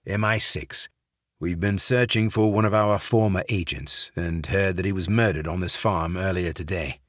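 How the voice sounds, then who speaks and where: A man voicing a calm, decisive male spy who leads the team. The spy speaks in a firm, steady way. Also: sits low, normal speed, no room sound, studio quality.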